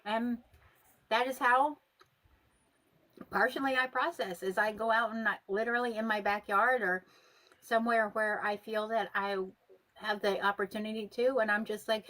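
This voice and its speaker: A woman hosting a casual call-in show, ranting in a profane, animated way. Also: on the high side, moderate pace. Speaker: host.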